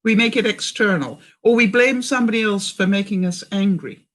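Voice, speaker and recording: Brisk and mid-range, this older Canadian woman is a vlogger chatting on a livestream. She reads out viewer comments and coaches her audience by asking them questions.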